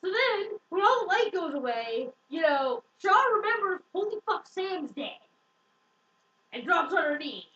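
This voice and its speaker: A woman's voice: very high voice, sing-song, normal speed, hardly any pauses, bright, forceful tone, slight background noise. A young woman casually recapping a book, swearing freely, saying "like" constantly and acting out the quotes. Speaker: book reviewer. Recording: dull, echoey room from a distant mic.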